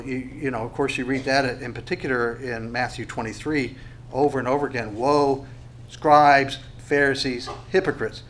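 A man preaching an expository sermon in a conversational way, with fillers, restarts and questions to his listeners, slowing down to read scripture aloud. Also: mid-range voice, a bit bright, a little hiss or hum, low-quality recording. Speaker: pastor.

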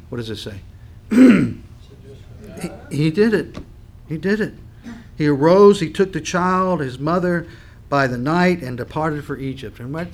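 A man preaching a sermon, swelling his voice on key points, then dropping it low, and clearing his throat now and then. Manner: dynamic preaching, voice swells and drops with emphasis. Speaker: pastor.

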